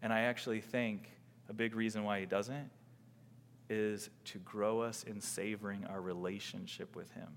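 A pastor preaching a sermon with emphasis, throwing rhetorical questions at the congregation. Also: male voice, fairly low pitch, long reverb tail, slight background noise.

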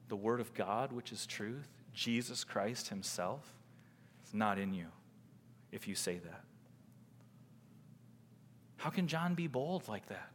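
A pastor preaching a sermon with emphasis, throwing rhetorical questions at the congregation. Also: male voice, medium pitch, lively intonation, measured pace, pauses often, fairly bright tone, long reverb tail.

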